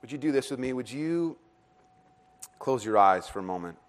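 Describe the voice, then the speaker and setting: In a medium-pitched voice and at a moderate pace, a thirties-aged pastor preaches, spinning an animated family story and laughing frequently.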